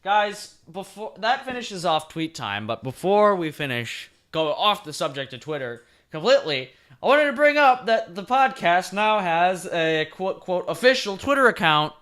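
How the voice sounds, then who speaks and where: Excitable rambling guy co-hosting. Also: sits high, normal speed, hardly any pauses. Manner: rambling, excitable, often restarts sentences. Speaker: podcast co-host. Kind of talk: casual podcast chat.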